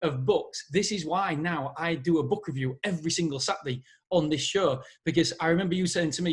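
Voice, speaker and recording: Fast-talking, high-voiced male podcast host. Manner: enthusiastic, motivational. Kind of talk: casual interview chat.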